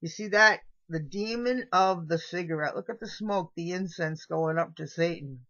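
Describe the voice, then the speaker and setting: At a moderate pace and in a lowish, slightly bright voice, a middle-aged vlogger confides in the camera through a wandering monologue full of trailing restarts. It's recorded with dull, lo-fi home video sound.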